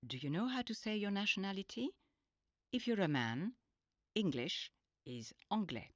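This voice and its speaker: Patient woman teaching in a deep voice. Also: big pitch swings, moderate pace, no echo. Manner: clear, patient, instructive. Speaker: language teacher. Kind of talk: scripted lesson narration. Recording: dull lo-fi audio.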